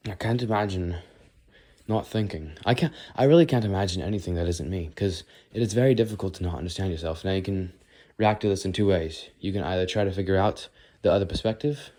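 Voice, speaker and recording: Quick-paced and mellow, this teen boy's low voice carries a casual vlog filmed while walking. He rambles, muses out loud, and often leaves thoughts unfinished.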